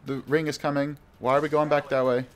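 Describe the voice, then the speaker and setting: A man's voice: on the high side, level tone, quick pace. A man giving live gameplay commentary in a rambling, flustered, self-mocking way. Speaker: gamer.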